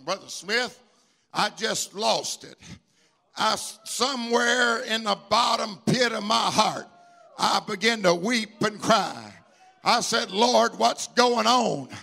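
High, gravelly preacher man, fervent and repetitive. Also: slow. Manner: emphatic and repetitive, swelling into shouts. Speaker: bishop and pastor. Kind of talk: live church sermon. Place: church sanctuary with congregation.

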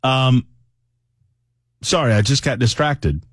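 Guy hosting talk radio, pitch jumps all over, chatty and emphatic, dry close mic. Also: animated, takes it slowly, dry recording. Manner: conversational, digressive, emphatic. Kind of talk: political talk radio monologue.

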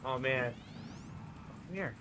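A man gaming on the couch with a friend, loudly trash-talking and laughing as he plays. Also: medium pitch, slow, noisy background. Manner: loud, playful trash talk, laughs often. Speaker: co-host playing a video game. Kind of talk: casual gaming chat.

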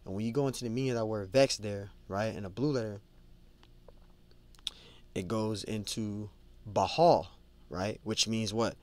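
A man giving an informal Bible study who reads scripture slowly, then talks it over conversationally, repeating himself and calling his listeners "man.". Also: fairly low pitch, fairly even intonation. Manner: conversational, repeats and restarts words, adds "man" and "you know"; reads scripture aloud slowly, then lists word meanings. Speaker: Bible teacher.

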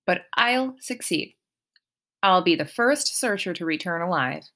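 A woman voicing an anxious, earnest young male satyr with a raised, pleading voice, in a slow, lively storybook reading. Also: on the low side, heavily acted.

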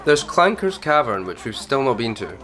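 A man's voice: medium pitch, sing-song, normal speed, a bit bright. A man casually bantering while playing a video game with a friend, laid-back and laughing often. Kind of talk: casual let's-play banter.

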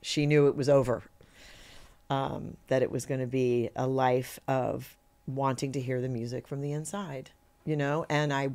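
Animated middle-aged woman telling stories. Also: very deep voice, moderate pace. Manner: animated storyteller who acts out quoted voices. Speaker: guest actor. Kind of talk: anecdotal interview chat.

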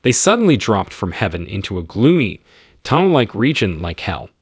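A man's voice: fairly low pitch, sing-song, moderate pace, breathy edge, no room sound, studio quality. A man reading a spiritual story as scripted narration, earnest and solemn.

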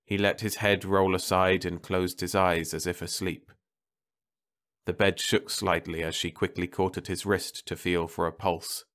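A man narrating a bleak science fiction story in a calm, measured bedtime reading. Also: sits low.

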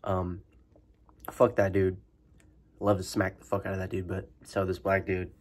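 Low-voiced young man venting, profane. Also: completely flat delivery, a little slow, darkish tone. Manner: loose and profane, heavy fillers like "like" and "you know"; agitated, venting anger. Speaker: vlogger giving a life update. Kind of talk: casual rambling storytelling.

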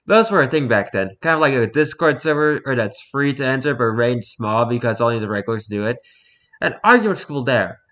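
A man casually reading social media posts aloud, dropping into quiet muttered asides between them. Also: medium pitch, expressive, fairly quick.

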